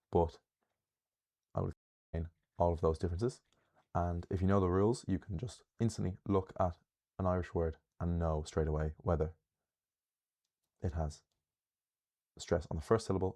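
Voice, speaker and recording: A young man giving an explanatory lesson on pronunciation, careful and deliberate, slowing down to say example words clearly. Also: deep voice, mellow. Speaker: Irish language teacher.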